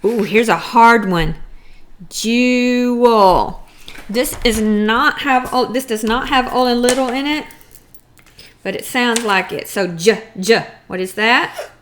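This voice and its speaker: A middle-aged woman teaching a first grade phonics lesson, patiently sounding out words and clearing her throat now and then. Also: a little high, slow, a bit bright, a little hiss or hum. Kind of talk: recorded phonics lesson for young children.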